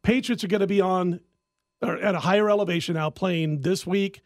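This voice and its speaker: A man hosting a casual sports-betting podcast, an animated storyteller who laughs often. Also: high-pitched, brisk, no room sound, studio quality. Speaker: podcast host and sports handicapper.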